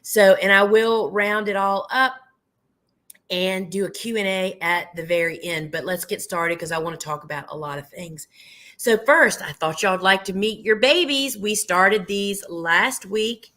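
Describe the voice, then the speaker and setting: Chatty woman, slightly hoarse. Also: medium pitch, a little slow, sharp tone. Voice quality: chatty, homey, addresses viewers as friends. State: losing her voice. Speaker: flower farmer hosting a live show. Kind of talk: casual live gardening demonstration.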